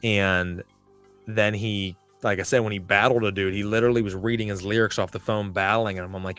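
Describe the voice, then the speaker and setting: Blunt, cussing man with a low voice. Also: fairly even intonation, a little fast, fairly bright tone, faint music behind. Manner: profane, rambling, blunt. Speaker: podcast host. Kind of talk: casual live-stream chat.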